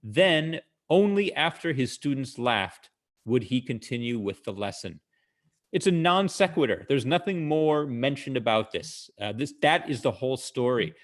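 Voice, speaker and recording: A man's voice: medium pitch, lively intonation, normal speed. A male comedian talking casually to an online audience over a video call, in a conversational way, explaining his jokes and using a lot of fillers.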